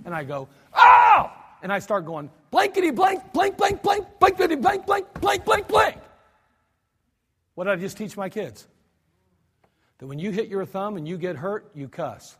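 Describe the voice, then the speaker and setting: Male pastor, high-pitched, animated sermon delivery, archived church recording with long reverb. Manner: animated, acts out cries and mock cussing, many restarts. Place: church sanctuary.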